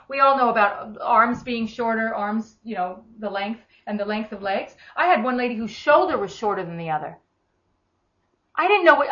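A woman with an Australian accent preaching a sermon, telling stories in a chatty, animated way. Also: a little high. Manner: conversational, animated storytelling with acted quotes. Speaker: minister. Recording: echoey room, dull lo-fi sound.

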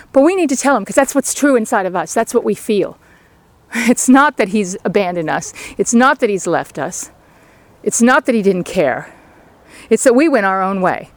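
A woman lay preacher, her voice medium in pitch, gives a devotional sermon outdoors beside a sheep paddock. She exhorts in an earnest, pleading way, and there's no room sound.

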